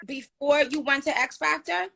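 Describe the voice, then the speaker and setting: Bright-voiced chatty New York woman. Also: high-pitched, moderate pace, gravelly. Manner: chatty, animated, lots of fillers. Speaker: live stream host. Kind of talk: casual live stream chat.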